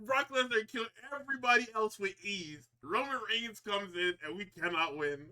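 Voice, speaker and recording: High bright-voiced guy ranting about wrestling, laughs a lot, acts out promos. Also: lively intonation, normal speed. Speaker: podcast co-host recapping wrestling. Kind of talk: casual profane recap chat.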